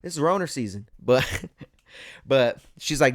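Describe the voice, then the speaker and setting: A young man hosting a podcast, telling a story in a casual, animated way and laughing often. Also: medium pitch, a little slow. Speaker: podcast host. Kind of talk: casual chat.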